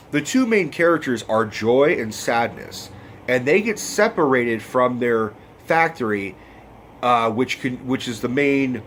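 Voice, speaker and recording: This movie review vlogger has a mid-range male voice, and there's a slight hiss or hum on the audio. His film review is casual and rambling, full of swearing and emotion.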